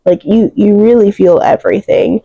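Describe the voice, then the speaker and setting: A woman's voice: mid-range voice, moderate pace, warm tone, no room sound, highs cut off. A young woman chatting about books she read, emotional and rambling, full of fillers, close to tears. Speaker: book reviewer. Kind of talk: casual book wrap-up chat.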